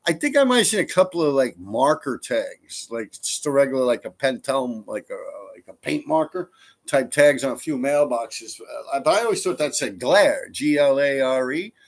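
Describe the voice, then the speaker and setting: A man's voice: mid-range voice, very animated, moderate pace. A man, rambling casually and profanely as he chats with viewers on his stream. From New York. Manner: rambling, profane, laid-back. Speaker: streamer reading viewer comments. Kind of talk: casual live-stream chat.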